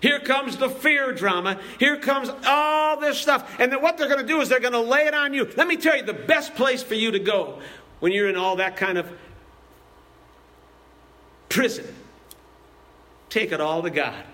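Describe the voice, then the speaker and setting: A male preacher with a strikingly high voice delivers an impassioned sermon in a church. His tone is bright and forceful, and he hammers points home with repetition and a rolling preaching cadence. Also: normal speed, pauses often. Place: church building.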